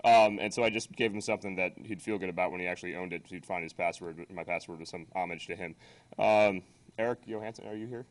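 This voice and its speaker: A man's voice: deep voice, fast talker. A man running the closing of a conference from the stage, chatty and loose, swearing casually as he talks. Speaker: conference organizer.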